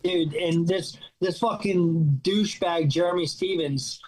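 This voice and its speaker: A man's voice: high voice, unhurried, darkish tone, low-quality recording. A man, a fighter guest on a podcast, talking bluntly and swearing freely. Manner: blunt, profane and brash. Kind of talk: casual chat.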